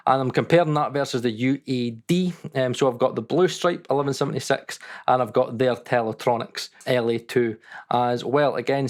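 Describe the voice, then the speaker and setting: A man hosting a mixing video, talking casually and candidly, with frequent ums and some swearing. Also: medium pitch. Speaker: audio mixing youtuber. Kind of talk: casual talk to camera.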